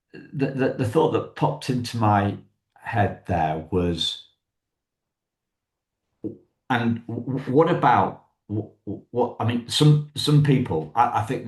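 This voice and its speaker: A man hosting a podcast interview, searching for his words in halting, restarting phrases. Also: lowish voice, big pitch swings, roomy sound. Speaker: podcast host. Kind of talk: conversational interview.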